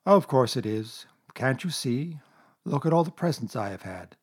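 A man's voice: medium pitch, expressive, moderate pace, breathy edge. Eeyore, a man doing a gloomy old donkey. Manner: mournful, sighing, sarcastic. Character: gloomy old grey male donkey, self-pitying. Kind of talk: storybook reading.

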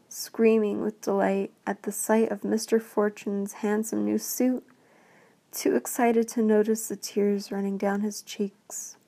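Woman narrating a bedtime fairy tale in a gentle, flat, slow whisper; gravelly texture. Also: medium pitch. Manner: slow, hushed, half-whispered. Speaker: storyteller. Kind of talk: whispered bedtime story reading.

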